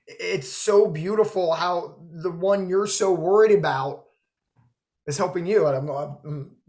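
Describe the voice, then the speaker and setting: A man with a high voice hosts a video call interview. He gushes with praise, full of fillers and emphatic encouragement. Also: measured pace, a little mellow. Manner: effusive, gushing, filler "like" and "girl". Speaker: host, notary trainer. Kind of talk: emotional interview chat.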